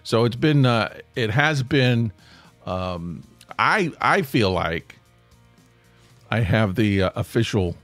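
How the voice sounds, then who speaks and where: Hoarse man rambling through a solo podcast. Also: on the low side, fairly bright tone, dry recording. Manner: rambling, self-interrupting, grumpy humor. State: hoarse, voice nearly gone. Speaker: podcast host. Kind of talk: casual solo podcast monologue. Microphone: podcast microphone.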